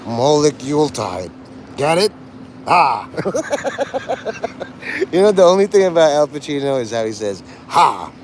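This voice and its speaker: A man's voice: a little high, big pitch swings, unhurried, pauses often, darkish tone, slight background noise. A man livestreaming outdoors in a city, rambling and joking and laughing at his own jokes. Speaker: live streamer. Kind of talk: casual rambling livestream chat.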